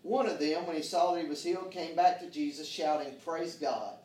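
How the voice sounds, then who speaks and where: A man's voice: a little high, a little fast, darkish tone, distant mic. Fervent male preacher in an echoey church. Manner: fervent preaching with call-and-response, folksy grammar. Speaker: pastor. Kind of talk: sermon. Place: church sanctuary.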